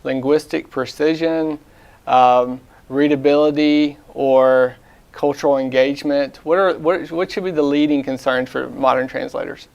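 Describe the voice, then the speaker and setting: A man asking interview questions, halting and rephrasing as he goes. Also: mid-range voice, fairly even intonation, gravelly, darkish tone, clear, resonant tone, muffled recording.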